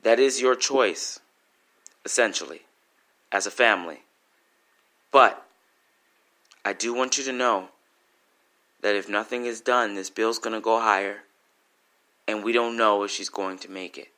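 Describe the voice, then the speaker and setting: A man's voice: lowish voice, measured pace, long pauses, bright, forceful tone. A man performing an emotional spoken-word story, intense and pleading.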